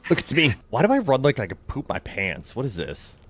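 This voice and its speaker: A man giving casual, jokey commentary while playing a horror game, getting excited and shouting at teammates. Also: medium pitch, brisk, noisy background. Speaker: gamer.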